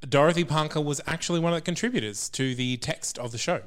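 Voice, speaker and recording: A man's voice: a little high, fast. A man in a casual chat about musicals, informative and steering the conversation.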